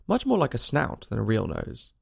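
Very gravelly man reading a storybook. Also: mid-range voice, normal speed. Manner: expressive, lilting storytelling. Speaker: narrator.

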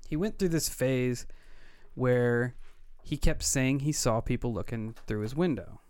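A man in his thirties with a smooth, clean voice, telling a story in an earnest, animated way and playing out the dialogue. His voice sits in a middle range and sounds dry and close, with no room around it. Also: medium pitch, a little slow, no echo. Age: 30s. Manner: earnest, vivid retelling with quoted dialogue. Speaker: podcast co-host. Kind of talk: casual storytelling.

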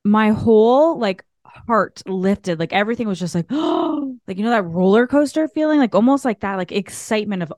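A woman host from Canada telling a spiritual story in an animated, chatty way, full of filler words. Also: medium pitch, normal speed, dry recording, clean studio sound.

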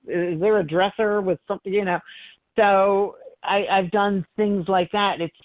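Speaking a little slowly at medium pitch, this middle-aged psychic medium shares stories during a casual interview and lively voices the dialogue within them. The recording is dry and tinny, like a phone line.

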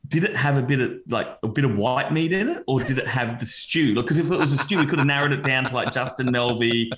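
An Australian man co-hosting a podcast, chatting in a relaxed, chuckling way with hesitant restarts. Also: medium pitch, fast talker, roomy sound. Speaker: podcast co-host. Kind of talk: casual comedic recap chat.

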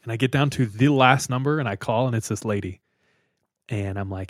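A young man hosting a podcast, telling a travel story in a casual, animated way, laughing often and acting out the people in it. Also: medium pitch, brisk, no echo, clean studio sound. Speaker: podcast host. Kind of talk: casual storytelling among friends.

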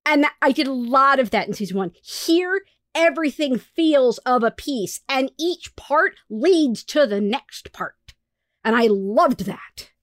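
A woman's voice: sits high, expressive, a little slow, no echo, studio quality. A woman co-hosting a podcast in casual chat, giving blunt, emphatic opinions. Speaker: podcast co-host.

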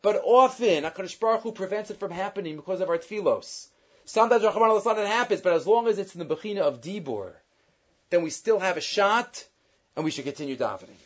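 A man's voice: high-pitched, animated, fast, dull audio. A man teaching a Torah class on the weekly portion, reading Hebrew texts and explaining them in English.

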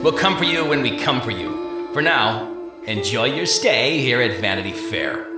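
A man's voice: mid-range voice, animated, moderate pace, over music, close to an everyday voice. A man voicing a harsh, mocking city guard who speaks in a stern, commanding way.

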